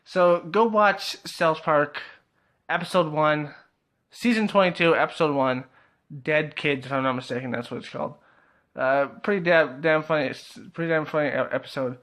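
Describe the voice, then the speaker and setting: A man's voice: on the high side, normal speed, fairly bright tone. A young man casually reviewing a TV episode, laughing often, swearing freely and filling his talk with "like" and "uh".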